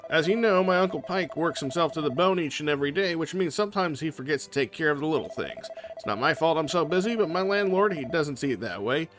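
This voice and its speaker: A wheedling, excuse-making man who is behind on his rent, read aloud by a man playing a game. His voice swings up and down in a lively way and sits a bit high. Faint music runs behind him. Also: fast, hardly any pauses, natural voice. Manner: wheedling, self-pitying. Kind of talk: reading game dialogue aloud.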